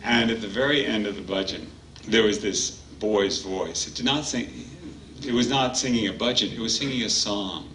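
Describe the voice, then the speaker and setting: Halting man telling a story in a roomy hall. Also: fairly low pitch. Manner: halting, warm reminiscing with frequent pauses. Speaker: retreat speaker. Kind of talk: personal storytelling talk. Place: retreat hall. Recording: roomy hall, distant mic, faint background hum.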